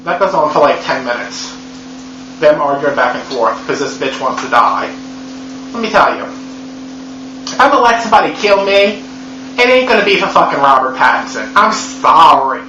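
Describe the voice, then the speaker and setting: A man's voice: fairly high pitch, sing-song, moderate pace, pauses often, bright, forceful tone. A man giving a comedic movie recap in a profane, sarcastic, rambling way. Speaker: movie reviewer. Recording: echoey room, dull lo-fi sound with hum.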